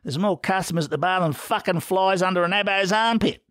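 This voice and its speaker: A man's voice: high-pitched, a little fast, fairly bright tone, dry recording, studio quality, pitched above the performer's own voice. A man with an Australian accent voicing a crude, foul-mouthed middle-aged pub wife who bellows. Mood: bellowing.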